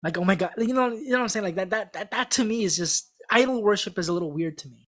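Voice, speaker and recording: A woman's voice: medium pitch, fast talker. A woman being interviewed as a singing contestant, telling her story in a casual, rambling way full of fillers and restarts. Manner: acts out quoted people in a mock-excited voice. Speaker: singing contestant guest on a podcast.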